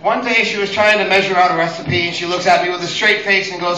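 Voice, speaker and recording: A man's voice: high-pitched, steady tone, quick pace, hardly any pauses, sharp tone, reverberant, rough recording. A young man doing open mic stand-up, telling crude, exasperated stories full of swearing. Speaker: stand-up comedian.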